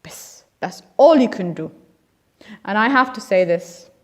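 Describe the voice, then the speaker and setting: Impassioned woman, lively pitch. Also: measured pace. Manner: switches between Somali and English, pleading and scolding. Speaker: community vlogger. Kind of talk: impassioned appeal to camera.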